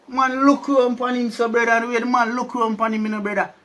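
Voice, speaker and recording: A man's voice: very high voice, flat delivery, very fast, a bit bright. A man with a Jamaican accent telling a spooky story in a chatty, casual way, often checking in with his listeners. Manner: chatty, keeps asking "you see me?".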